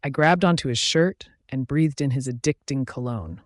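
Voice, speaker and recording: A man narrating a first-person romance audiobook in a steady, even reading on a close microphone. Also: mid-range voice, normal speed, no echo.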